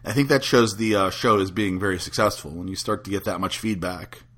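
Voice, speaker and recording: Bright-voiced chatty podcast host man. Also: low voice, a little fast. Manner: chatty, laughing, animated retellings. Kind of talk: casual chat.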